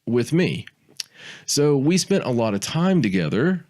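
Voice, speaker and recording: A man's voice: medium pitch, unhurried. Rambling male podcast co-host. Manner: rambling, repeats words, animated when quoting others. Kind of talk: casual storytelling chat.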